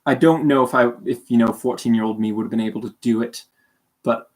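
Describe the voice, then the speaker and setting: Talking quickly in a steady, medium-pitched voice, a young Canadian streamer from Calgary chats loosely with his livestream audience. He's rambling and self-deprecating, and he sounds tired and sore-throated.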